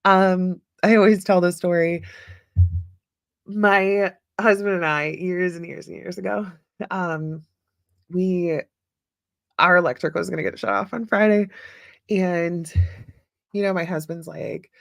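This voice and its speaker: A woman's voice: lowish voice, unhurried, vocal fry, pauses often, dry recording, clean studio sound. A middle-aged woman hosting her own podcast, talking casually and upbeat, laughing often and filling her talk with fillers. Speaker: podcast host. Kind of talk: casual solo talk with listener comments.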